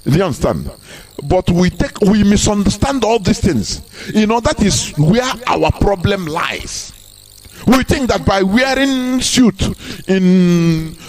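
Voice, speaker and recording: A man's voice: high voice, a little mellow. A man with a Nigerian Igbo accent giving a live broadcast speech, emphatic and full of repeated rhetorical questions. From southeastern Nigeria. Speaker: activist broadcaster.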